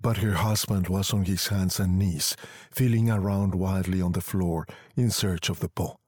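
A man narrating a story in a measured, deliberate reading style. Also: low-pitched, fairly even intonation, a little mellow, slightly rough, no echo, studio quality.

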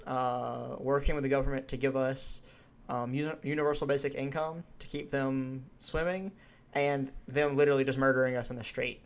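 Male podcast co-host, mid voice, laid-back and hesitant, casual chat. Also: mid-range voice.

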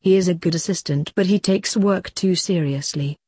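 A weary, put-upon male coroner and reaper king, as a woman reads him in a storybook. He moans through every line in a low, husky voice. The sound is dry and close. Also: moderate pace, warm tone, dry recording.

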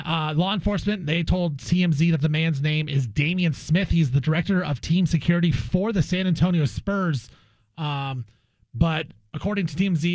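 A man hosting a sports radio show, telling a story in an animated, joking way. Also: fairly high pitch, no room sound. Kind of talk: casual sports radio chat.

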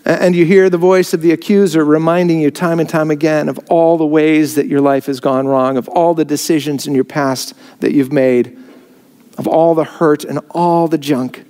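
Guy preaching a sermon, kinda high voice, big echoey hall. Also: steady tone, normal speed, dark tone. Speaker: pastor. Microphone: filmed on camera. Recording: long hall reverb.

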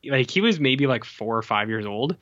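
Bright, rambling male co-host, joking; lo-fi, dry mic. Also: mid-range voice, lively intonation, normal speed, slight background noise. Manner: rambling, jokey, many fillers. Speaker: podcast co-host. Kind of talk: casual chat. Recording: dull lo-fi dry recording.

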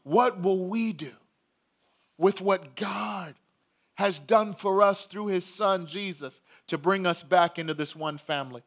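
A man giving a sermon, retelling a story dramatically with acted shouts and hushed passages. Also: high voice, measured pace. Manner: dramatic storytelling, acting out crowd shouts, dropping to a hush. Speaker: preacher.

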